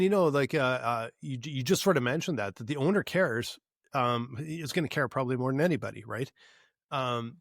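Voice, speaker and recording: A man's voice: mid-range voice, no echo. Guy co-hosting a podcast, rambling story full of ums, medium voice, dry sound. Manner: storytelling, animated retelling with frequent fillers and restarts. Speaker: podcast co-host. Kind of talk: casual chat.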